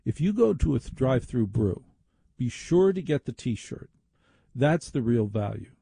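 A man's voice: mid-range voice, sing-song, normal speed, vocal fry, dark tone, slightly rough, no room sound. A man hosting a talk radio show, delivering an opinionated, indignant and sardonic monologue into a studio microphone.

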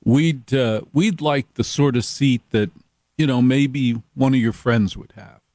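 A slow, ingratiating middle-aged fixer who smooth-talks and flatters his way into anything, as a man puts him on while telling a story. His speech is unhurried and deliberate, at an ordinary mid pitch. The voice is close and dry. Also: dry recording, close to an everyday voice. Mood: smooth, flattering.

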